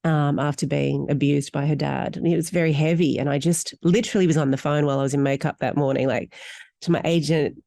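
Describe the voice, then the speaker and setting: A middle-aged Australian woman, an actor, telling stories in an interview with animated, candid delivery. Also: brisk, gravelly, dry recording. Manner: animated, candid storytelling with wide pitch swings. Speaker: actor guest. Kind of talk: interview conversation.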